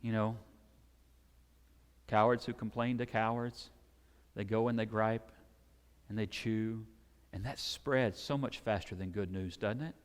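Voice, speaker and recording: A man preaching a sermon, animated and conversational, sometimes acting out the shouting crowds he describes. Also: fairly low pitch, measured pace, pauses often, smooth. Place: church sanctuary. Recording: long hall reverb.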